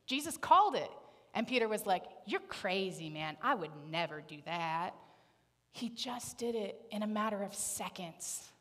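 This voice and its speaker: A woman giving a sermon in a playful, animated storytelling manner, acting out the voices of the people in her story. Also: mid-range voice. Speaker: preacher. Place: church. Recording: long reverb of a church hall.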